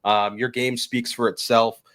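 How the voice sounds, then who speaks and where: A podcast host with a mid-range, fairly bright voice speaks in a level, unhurried way during a casual interview. His questions are long and loose, chatty and padded with fillers and friendly asides.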